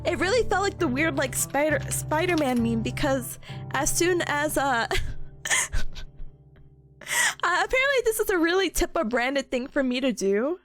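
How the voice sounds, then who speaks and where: A woman with a very high, bouncy voice that swoops up and down, chatting to her stream as she recaps her trip. She giggles constantly and trips over her own words, starting phrases again and again. Music plays clearly in the background. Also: normal speed, pauses often. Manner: giggly and animated, frequent laughing and stammered restarts. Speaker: VTuber streamer. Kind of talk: casual stream recap chat.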